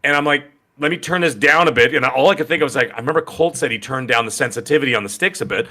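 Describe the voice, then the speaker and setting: A man's voice: medium pitch, very fast. A man co-hosting a gaming podcast, telling stories and acting out his own reactions. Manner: animated storyteller, acts out his own reactions. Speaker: podcast co-host. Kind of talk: casual gaming podcast chat.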